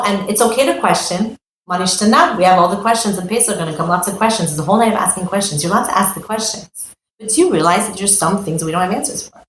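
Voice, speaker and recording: A woman's voice: mid-range voice, a little hiss or hum. A middle-aged American woman giving a spoken Torah lesson, mixing Hebrew terms into English and acting out the voices of parents she quotes. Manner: animated, acts out quoted parents. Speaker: Torah teacher. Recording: echoey room with faint ambience.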